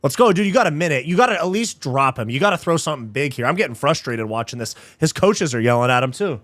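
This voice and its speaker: The recording is dry as a young man talks fast in a slightly high voice while hosting live fight commentary. Excitable and prone to frustration, he swears casually and keeps saying "dude" and "bro."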